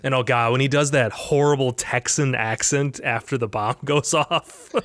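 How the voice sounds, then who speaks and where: A man in easygoing podcast chat about films, his medium-pitched voice rambling and looping back on itself. He restarts sentences often and breaks into laughter as he goes. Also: steady tone, normal speed, a bit bright. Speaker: podcast co-host. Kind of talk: casual movie discussion.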